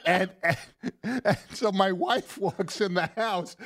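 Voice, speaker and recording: A man's voice: sits high, slow pace, a bit bright. A middle-aged man co-hosting sports talk radio, telling a story in a rambling way with many restarts.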